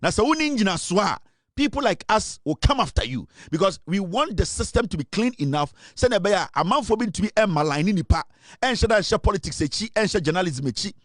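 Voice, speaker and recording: A man with a Ghanaian accent giving a forceful political commentary monologue, switching between English and Twi. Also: sits high, no echo, studio quality.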